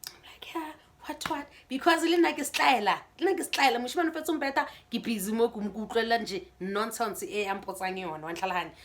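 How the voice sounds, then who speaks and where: A South African woman telling a personal story in a casual vlog, animated and chatty, with frequent restarts. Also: a little high, rapid-fire, few pauses, a little hiss or hum. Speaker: YouTuber.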